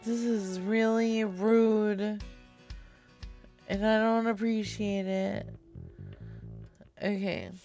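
A woman's voice: medium pitch, flat delivery, very slow, pauses often, mellow, faint music behind. A woman streaming live, chatting casually with her audience and swearing freely.

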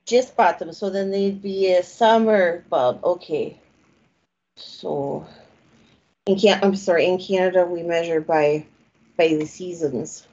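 A woman's voice: fairly low pitch, takes it slowly, darkish tone. A woman making a prank phone call in a silly, rambling persona that keeps drifting off topic. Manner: silly, rambling, puts on a mock Canadian persona. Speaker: prank caller and podcast host. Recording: slightly dull, lo-fi sound.

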